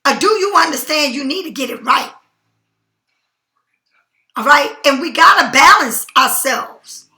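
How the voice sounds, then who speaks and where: Middle-aged lady tarot reader going off at viewers, blunt and scolding, high voice, roomy echo. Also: lively intonation, a little slow, pushed and bright. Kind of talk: spontaneous monologue to viewers.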